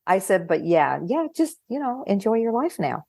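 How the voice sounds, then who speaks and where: An older woman psychologist chatting over a video call, telling animated stories, acting out quoted voices and laughing often. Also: medium pitch, normal speed, creaky, no room sound, clean studio sound. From California. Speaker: guest psychologist. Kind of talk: casual conversation.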